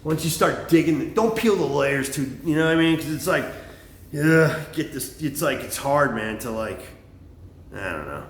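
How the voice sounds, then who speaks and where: A middle-aged man rambling in a profane, excitable vlog monologue, jumping from topic to topic. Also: fairly high pitch, normal speed, roomy sound. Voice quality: extroverted and excitable. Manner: animated, swearing, jumps between topics. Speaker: vlogger.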